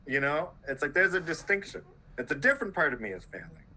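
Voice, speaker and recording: Bright-voiced man chatting casually. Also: on the high side, rough recording. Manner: animated storyteller, quick asides. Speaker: podcast guest. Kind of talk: casual conversation.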